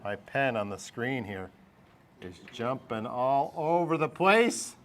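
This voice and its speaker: A man's voice: mid-range voice, sing-song, takes it slowly, a bit bright. A middle-aged man teaching a math lesson over a screen recording, chatty, thinking aloud and putting questions to himself.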